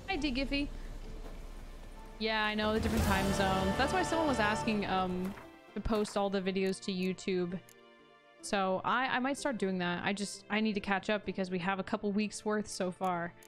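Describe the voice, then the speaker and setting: A woman's voice: medium pitch, moderate pace. A woman streamer giving chatty, sarcastic, casual let's-play commentary. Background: game music.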